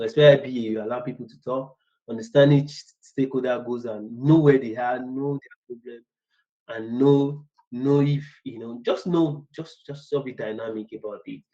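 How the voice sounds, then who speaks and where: A man's voice: medium pitch, darkish tone, muffled recording. A man teaching business analysis in a casual, rambling way. He repeats words and acts out short workplace exchanges. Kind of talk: casual online lecture.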